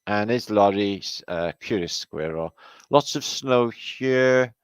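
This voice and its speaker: A man hosting a livestream, chatting casually and giving rambling shout-outs to viewers. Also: fairly low pitch, animated, takes it slowly, clear, resonant tone, dry recording. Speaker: livestream host.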